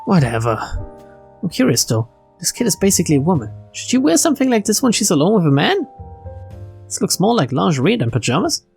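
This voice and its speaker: A woman's voice: on the low side, sing-song, a little fast, vocal fry, a little mellow, slightly rough, faint music behind, exaggerated voice. A woman voicing an aloof young male detective who talks in a dry, dismissive way.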